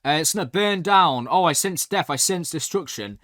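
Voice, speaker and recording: A man's voice: fairly high pitch, animated, normal speed, a bit bright, dry recording, clean studio sound. A man doing a doom-saying female seer. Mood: ominous.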